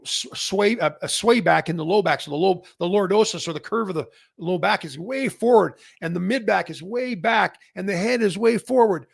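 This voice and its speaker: A man's voice: fairly high pitch, vocal fry, no echo, clean studio sound. A middle-aged man from Canada, hosting a casual industry update and rambling with many fillers and restarts. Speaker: massage chair retailer and host.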